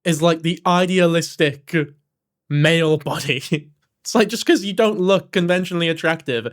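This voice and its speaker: A man's voice: fairly high pitch, normal speed. A man hosting a live stream, chatting casually in a blunt, laid-back way and swearing freely. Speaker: livestream host.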